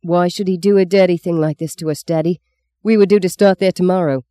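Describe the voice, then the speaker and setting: Indignant teenage boy, put on by a male narrator, protesting, warm smooth tone. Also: high voice, fairly even intonation, a little fast, no room sound, voice pushed up, natural voice.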